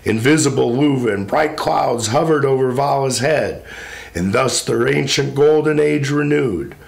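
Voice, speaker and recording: A man giving a recitation of epic poetry, in a solemn, measured and rhythmic declamation. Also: medium pitch, creaky.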